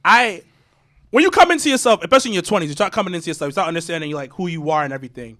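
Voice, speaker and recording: High, bright-voiced man telling a story. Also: rapid-fire. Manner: animated storytelling, swearing, stammering restarts. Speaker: podcast co-host. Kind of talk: casual chat.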